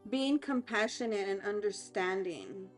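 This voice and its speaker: A woman reading tarot cards aloud as a life coach, talking in a hesitant, halting way with many fillers and restarts. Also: medium pitch, faint music behind.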